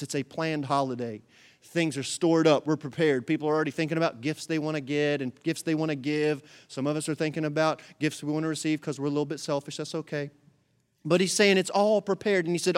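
A man preaching a sermon to a congregation, passionate, with repeated rhetorical questions and calls to the audience. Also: a little high. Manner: passionate preaching, rising to near-shouts when voicing God. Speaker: pastor.

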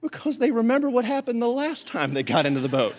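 A male pastor preaching a sermon with humorous, animated storytelling. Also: very high voice.

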